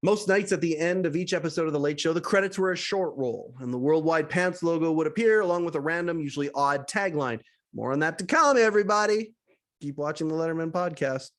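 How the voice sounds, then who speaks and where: Man, from western Canada, podcast host, high voice, animated storytelling, wry asides. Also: a little fast. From British Columbia, Canada. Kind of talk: reading a personal essay aloud.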